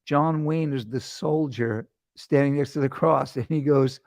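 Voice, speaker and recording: Male talk-show host, middle-pitched voice, loose and joking, dry booth sound. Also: darkish tone, no echo. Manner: rambling, jokey storytelling with quick asides. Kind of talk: casual chat.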